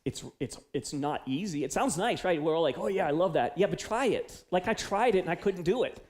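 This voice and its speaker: A man's voice: high-pitched, lively intonation, a little fast, a little mellow, slight background noise. A man preaching a conversational sermon, confessional and storytelling, acting out his own inner voice. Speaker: pastor. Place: church sanctuary.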